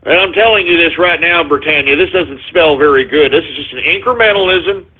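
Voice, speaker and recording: A high-voiced man hosts a talk radio show, firing off a profane, exasperated rant that keeps jumping into shouts. The sound is thin and tinny, like it comes over a phone line. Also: a little fast, breathy edge. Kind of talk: ranting talk radio monologue.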